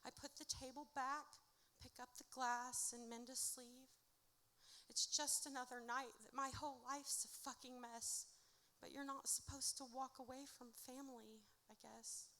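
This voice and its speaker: A woman performing her own spoken-word poetry at a live event, with a rhythmic, dramatic delivery that swings from hushed to loud. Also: high voice, fairly even intonation, normal speed. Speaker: author reading her own work. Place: indoor music venue at a live event. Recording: reverberant live venue recording.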